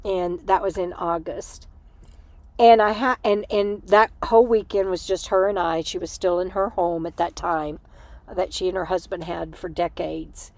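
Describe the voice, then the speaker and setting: A tired woman hosting her own livestream, talking in a reflective, halting way and laughing often. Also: fairly low pitch, fairly even intonation, no room sound. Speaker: livestream host. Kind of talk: casual personal chat.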